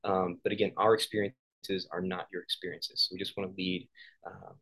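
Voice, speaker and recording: A man's voice: deep voice, little pitch movement, normal speed, gravelly, breathy edge, poor audio. Friendly man co-hosting a faith podcast. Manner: warm, joking, filler-heavy talk. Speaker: podcast co-host. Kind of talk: casual faith podcast chat.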